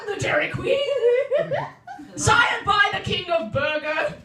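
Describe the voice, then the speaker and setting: A woman's voice: very high voice, animated, takes it slowly, very noisy, voice pushed up, heavily acted. A woman voicing a haughty royal queen of a drive-through, speaking in a grand, pompous manner, heard from afar in an echoey room. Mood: grandly pompous. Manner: mock-regal proclamation, laughing. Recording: echoey room, far from mic.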